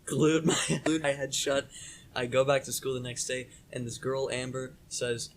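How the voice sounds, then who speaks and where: A young man co-hosts a casual podcast and tells a long story from school. He rambles, fills gaps with ums and likes, and gets animated at the funny parts. Faint noise sits behind the voice. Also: medium pitch, normal speed. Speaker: podcast co-host.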